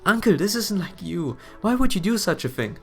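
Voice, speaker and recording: A frightened young girl, as a man voices her in a game, pleads in a high, strained voice. She sounds anxious and confused, pushing her words out with worry. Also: big pitch swings, normal speed, gravelly, faint music behind, full character voice. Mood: pleading, upset.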